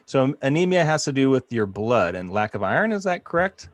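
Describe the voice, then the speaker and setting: A playful man hosts a casual podcast quiz. His pitch swings widely as he teases and laughs along with his guests, all in a dry, close-miked room. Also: sing-song, brisk, no echo. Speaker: podcast host.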